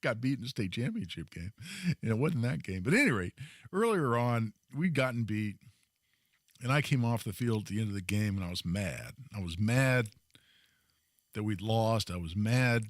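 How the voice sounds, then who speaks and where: A man hosting a talk radio show, telling a story in an emphatic, animated way. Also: lowish voice, normal speed, no echo, studio quality. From Indiana, US. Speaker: radio host.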